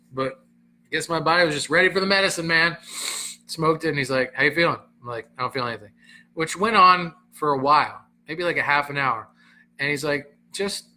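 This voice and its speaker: Male comedian host, middle-aged, bright tone, animated storytelling with a faint hum behind. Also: a little high. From Southern Florida. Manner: animated, acts out quoted voices, frequent laughter. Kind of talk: casual storytelling on a livestream.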